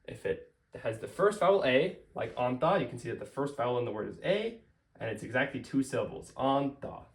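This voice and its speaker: A man's voice: mid-range voice, sing-song, fairly quick. Man patiently explaining grammar at a whiteboard. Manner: patient, explains step by step, repeats key forms. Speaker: language teacher. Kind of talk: casual whiteboard grammar lesson.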